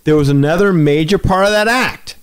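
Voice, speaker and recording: This man hosts a podcast and spins a story conversationally, acting out the quoted lines with gusto. His voice is somewhat high, his pace brisk, and his tone clean.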